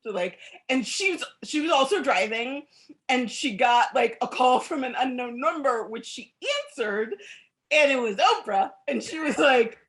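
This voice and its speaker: A woman's voice: high-pitched, lively intonation. Woman chiming in on a panel. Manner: chimes in with quick remarks and laughter. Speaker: panelist author. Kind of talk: casual panel chat.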